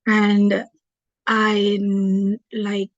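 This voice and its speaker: Slow, flat-voiced woman on a dull call. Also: mid-range voice, no room sound. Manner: hesitant, halting and earnest. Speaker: committee meeting participant. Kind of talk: personal sharing in a discussion. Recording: dull lo-fi audio.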